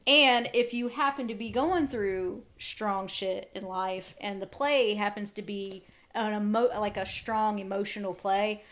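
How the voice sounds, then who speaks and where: A woman co-hosts a podcast, chatting casually about acting in a medium-pitched voice. She's unhurried and rarely pauses, and as an animated storyteller she acts out the quotes in her anecdotes.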